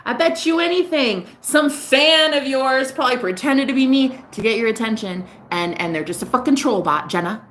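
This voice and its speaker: A man's voice: extremely high pitch, normal speed, few pauses, a bit bright, voice pushed up. A woman voicing a casual young man on the phone who is blunt, swears and calls her girl. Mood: dismissive.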